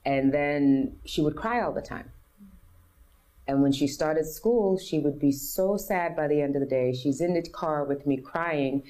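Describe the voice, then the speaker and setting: A woman's voice: low voice, measured pace, dark tone. A woman in her fifties from New City, telling her personal story openly and earnestly as an interview guest. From New York City. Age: 50s. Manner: earnest, open, acts out others' voices in quotes.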